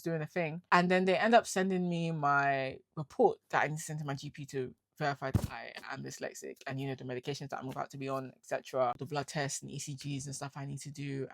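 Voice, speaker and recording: A young woman from the UK speaks candidly into a close, dry microphone with a fairly low voice. Her talk is casual and full of slang. She swings between quiet, weary asides and loud, indignant venting. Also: no room sound. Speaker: vlogger. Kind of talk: candid personal storytelling to camera.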